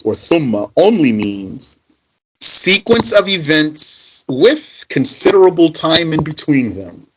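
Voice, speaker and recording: Working through a religious text line by line, a man reads the Arabic aloud and then translates and explains it in emphatic, conversational English. He has a husky, fairly bright, medium-pitched voice on a rough recording.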